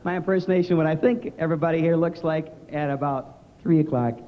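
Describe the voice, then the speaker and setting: A man doing stand-up comedy, animated and acting out silly impressions. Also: fairly high pitch, fast, a little hiss or hum. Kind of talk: stand-up joke telling. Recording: dull 90s TV broadcast with loud crowd.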